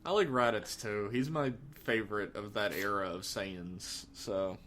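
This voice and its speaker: A man's voice: fairly low pitch, a little slow, fairly bright tone, a little hiss or hum. Joking, laughing male podcast co-host. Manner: joking, swears freely, laughs often. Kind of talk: casual chat.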